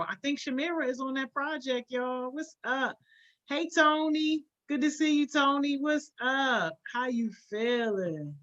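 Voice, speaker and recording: A woman's voice: high voice, a bit bright, highs cut off. Upbeat slangy woman hosting a live stream. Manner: upbeat, greets viewers by name, slangy with "baby" and "yo"; encouraging, motivational. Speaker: host of a youth program livestream. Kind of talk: casual live-stream chat.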